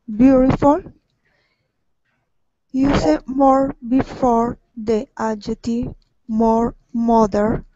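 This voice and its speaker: A woman student reads grammar rules aloud, word by word, very slowly. Her voice is soft and mellow, and the sound is dry and muffled, like a video call. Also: fairly high pitch, no room sound. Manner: reading aloud slowly from a text. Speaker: language student.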